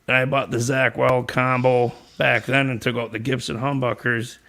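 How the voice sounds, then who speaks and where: Bright-voiced guitarist chatting casually. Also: male voice, medium pitch, level tone, normal speed, gravelly. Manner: rambling and easygoing, casual swearing. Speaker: guest guitarist showing his guitars. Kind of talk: casual live-stream chat.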